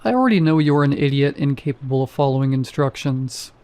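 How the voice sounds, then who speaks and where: Man voicing a flat, bored security guard. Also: medium pitch, a little fast, close to an everyday voice. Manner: flat, almost bored delivery. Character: flat, apathetic male supermarket security guard. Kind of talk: horror story narration.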